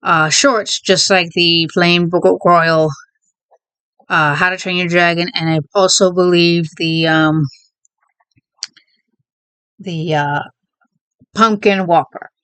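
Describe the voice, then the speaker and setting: A woman's voice: on the low side, steady tone, slow, pauses often, a bit bright, clear, resonant tone, dry recording. A woman casually chatting in a vlog, out of breath, rambling and correcting herself with a slight stutter. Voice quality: mild stutter. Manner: rambling, self-correcting, laughs often. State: out of breath, holding in a sneeze. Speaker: video creator.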